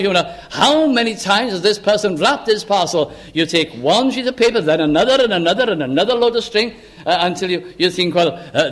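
A man's voice: sits high, fairly bright tone. A man preaching a sermon, earnest and building to impassioned appeals.

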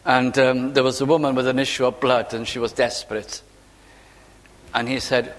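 A man's voice: mid-range voice, fairly even intonation, moderate pace, long reverb tail. A man preaching a sermon, earnest, acting out quotes and drawing out key phrases.

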